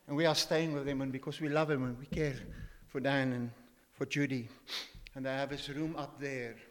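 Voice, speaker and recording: A man's voice: medium pitch, flat delivery, normal speed, long reverb tail. An older man preaching a sermon in a church, emphatic and full of rhetorical questions as he quotes scripture. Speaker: pastor.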